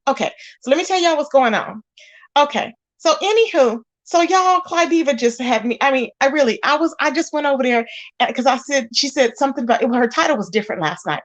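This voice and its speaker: Woman host on a live stream, highish voice, lively, calls everyone baby and boo. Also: a little fast. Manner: animated, greets viewers with pet names. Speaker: host of a live commentary channel. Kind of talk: casual live-stream chat.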